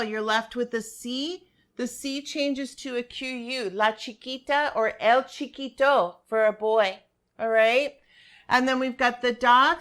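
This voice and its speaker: Slow, clear-voiced woman teaching grammar. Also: high-pitched, fairly bright tone. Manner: patient, checks in with "all right?" and "okay?". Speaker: Spanish teacher. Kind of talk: screen-share grammar lesson.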